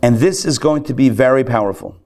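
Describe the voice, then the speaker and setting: A man teaching a live class as a rabbi, animated, acting out the voices of people he describes. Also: mid-range voice, fairly quick. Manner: animated, acts out excited and grumbling voices. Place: lecture room with a live audience.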